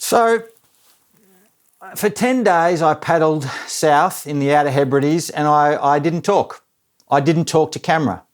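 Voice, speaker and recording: A man's voice: on the high side, measured pace. Self-mocking man rambling. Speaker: filmmaker and vlogger. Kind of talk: casual reflective chat.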